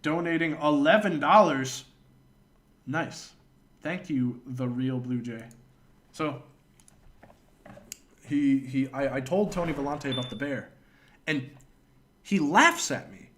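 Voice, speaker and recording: A man's voice: mid-range voice, takes it slowly, long pauses, a bit bright. A man streaming live and telling a rambling, profane anecdote, stopping to thank viewers. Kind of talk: casual storytelling on a livestream.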